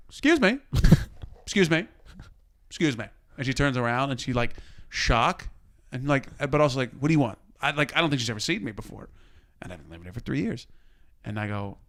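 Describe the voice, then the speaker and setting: A man's voice: medium pitch, dry recording. A man co-hosting a podcast, telling a story casually and acting out quotes, with some swearing. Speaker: podcast co-host.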